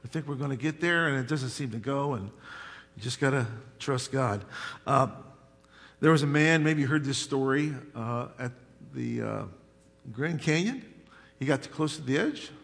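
A man preaching a sermon as pastor, telling folksy stories and building to loud, emphatic points. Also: medium pitch, lively intonation, normal speed, gravelly. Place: church sanctuary. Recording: long hall reverb.

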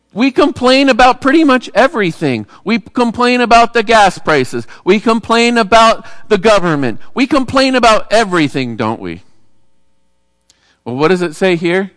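A man, a pastor, preaching a sermon in a relaxed, conversational way and asking the congregation rhetorical questions. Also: high voice, unhurried, no echo, studio quality, in a large hall.

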